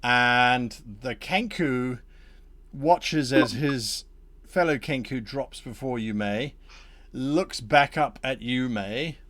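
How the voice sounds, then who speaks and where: A man's voice: medium pitch, slow pace, a bit bright. A man narrating as game master for a tabletop game, playful and chuckling as he tells the story.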